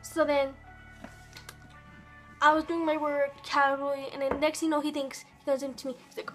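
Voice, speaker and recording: A woman's voice: high-pitched, soft background music. A woman vlogger telling a story casually and animatedly, acting out the dialogue. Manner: animated, quick bursts, acts out dialogue. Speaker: beauty vlogger.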